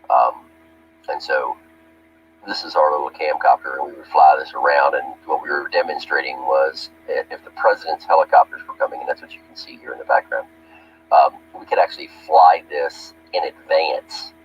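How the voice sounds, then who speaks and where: A man's voice: a bass voice, a little hiss or hum. A man who worked on Army power systems, narrating over his photographs in a rambling, plainspoken way with many fillers. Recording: dull lo-fi recording with faint music.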